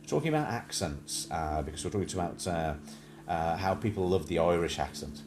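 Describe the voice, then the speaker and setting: Rambling low-voiced man, lively. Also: a little fast, roomy sound, slight background noise. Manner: rambling, many fillers, breaks into sung snatches and mimicked accents. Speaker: livestream host. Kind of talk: casual chat.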